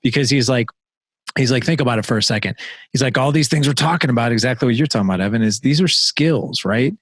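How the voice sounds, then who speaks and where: A middle-aged man hosting a podcast in casual conversation, animated and quick to joke and laugh. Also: mid-range voice, no room sound. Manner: animated, joking, laughs often. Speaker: podcast host.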